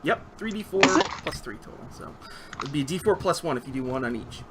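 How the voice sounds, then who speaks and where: A man's voice: fairly high pitch, very animated, a little fast, very noisy. A man running a tabletop game as game master, narrating the action and thinking aloud over dice with easy chuckles.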